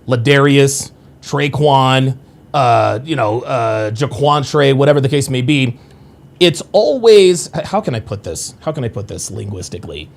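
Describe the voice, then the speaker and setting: A man's voice: medium pitch, animated, a little slow, creaky. A man in his forties hosting a casual livestream, rambling and repeating himself with crude, profane asides to his viewers. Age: 40s. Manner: addresses viewers directly. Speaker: livestream host.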